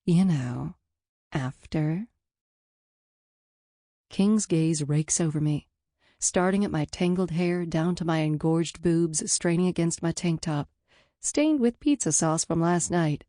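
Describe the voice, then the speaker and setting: A woman's voice: lowish voice, measured pace, dark tone, no echo, studio quality. A woman narrating a first-person audiobook in an intimate, candid storytelling manner.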